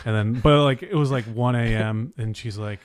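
A man's voice: medium pitch, normal speed, no echo, studio quality. Swearing man telling a rambling story. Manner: rambling storyteller, swears casually, acts out quotes. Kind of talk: casual chat, telling a story. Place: Los Angeles area.

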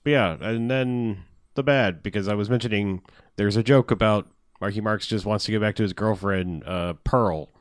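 A man's voice: on the low side, moderate pace, no room sound, studio quality. A man hosting a casual movie review chat, rambling and laughing as he talks. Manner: rambling, animated, laughs often, restarts. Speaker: podcast host.

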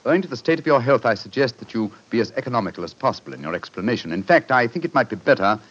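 An actor playing a calm, sharp-minded male detective, measured and gently commanding in 1940s radio style. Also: mid-range voice, slightly rough. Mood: firm. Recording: dull old radio broadcast.

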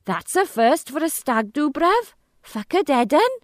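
A woman voicing a crude male brother with a Welsh Valleys accent who shouts, in a storybook reading. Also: sits high, very animated, a little slow, no room sound, clean studio sound, pitched above the performer's own voice.

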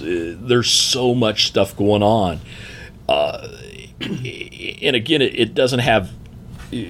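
A middle-aged man sitting at a table, reflectively telling a family story in a halting, heartfelt way with many fillers and restarts. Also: sits low, a bit bright. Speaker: guest. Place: seated at a table indoors.

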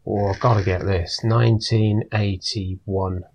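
A man's voice: fairly low pitch, fairly even intonation, unhurried. An easygoing man co-hosting a casual podcast, guessing uncertainly at quiz questions. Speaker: podcast co-host.

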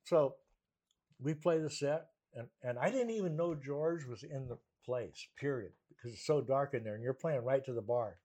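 A man, a guest musician, telling anecdotes in conversation, animated and often laughing as he talks. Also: medium pitch, normal speed. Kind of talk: conversational storytelling.

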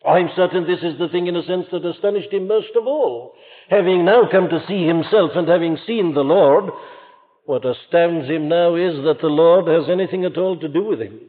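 A man preaching a sermon with fervent rises and solemn hushed passages. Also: a little high. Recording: old lo-fi phone-band recording in a reverberant hall.

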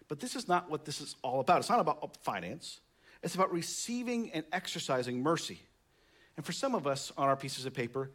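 Male pastor, sermon, reads scripture then explains it, conversational, emphatic rises, slightly high voice. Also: fairly bright tone.

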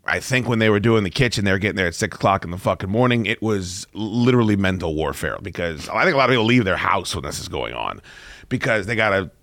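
Loud, profane male talk radio host. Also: low voice, expressive, fast, dry recording. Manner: loud, profane, laughing rants.

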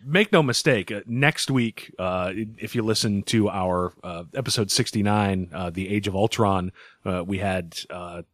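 A man's voice: fairly low pitch, measured pace, a bit bright, dry recording. Guy hosting a podcast, jokey and sweary, dry close mic sound. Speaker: podcast host. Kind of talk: casual podcast chat.

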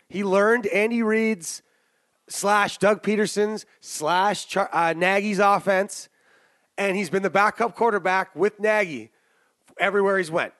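A man with a high voice talks through football picks on a podcast, brash and jokey, wandering off into asides. The sound is dry and close, with no room in it. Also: fairly bright tone, no room sound. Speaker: sports betting podcast co-host. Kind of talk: casual sports betting chat.

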